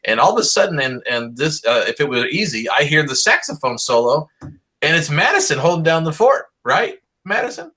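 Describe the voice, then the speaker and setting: This middle-aged band director at a high school has a voice on the high side, brisk and sharp, with big pitch swings. Speaking on a video call, he gives his seniors upbeat, rambling praise laced with fillers.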